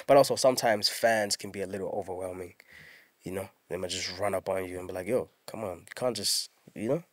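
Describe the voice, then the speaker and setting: Young adult male, South African accent, rapid casual delivery, animated storyteller. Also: sits low, no room sound. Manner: animated, acts out quoted people. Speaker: guest rapper. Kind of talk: casual interview chat.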